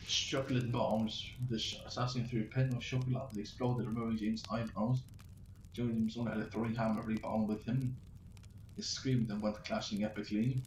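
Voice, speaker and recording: A man with a fairly low voice reads his own fantasy story aloud, tripping over words and restarting lines. He sits a little back from the mic in an echoey room with a faint hiss behind him. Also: a little mellow. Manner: halting, stumbling reading with restarts. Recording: roomy, distant mic with faint noise.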